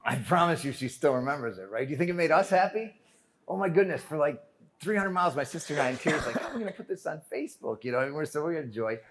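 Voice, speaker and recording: A man delivering an animated motivational talk. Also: fairly high pitch, quick pace. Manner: animated, joking, calls the audience "friends". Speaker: keynote speaker. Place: conference stage before a live audience.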